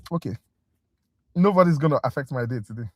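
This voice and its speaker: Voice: medium pitch, slightly rough, no room sound. Talkative tutor on a dry livestream. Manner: exasperated, talkative rant; direct, addresses viewers as guys. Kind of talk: casual livestream review class.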